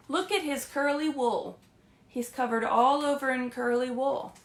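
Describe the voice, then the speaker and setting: A woman librarian reading picture books aloud to young children in a sing-song, animated storytelling voice, often asking them questions. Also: sits high, normal speed. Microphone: streamed live.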